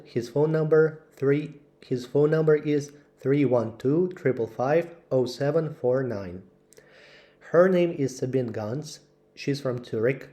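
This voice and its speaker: A man reading English textbook passages aloud for learners, slowly and carefully. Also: mid-range voice, dark tone. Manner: slow, careful read-aloud delivery. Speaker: English teacher.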